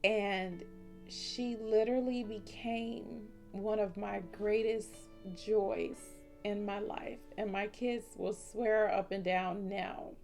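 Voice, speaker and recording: A woman in her forties telling a heartfelt personal story in a slow, emotional vlog. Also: mid-range voice. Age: 40s. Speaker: vlogger. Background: soft instrumental music.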